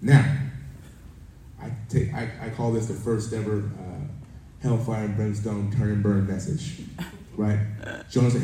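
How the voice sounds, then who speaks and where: The pastor's voice is fairly low, warm and steady, a little slow and marked by long pauses. He preaches conversationally, recounting a family story and reading from scripture, heard from afar in an echoey room with faint background noise.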